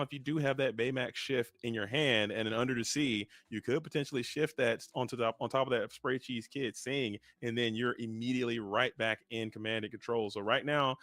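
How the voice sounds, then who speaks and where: A man's voice: medium pitch, a bit bright, no room sound. Chatty male card game caster, dry mic. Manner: quick, chatty, joking, frequent restarts.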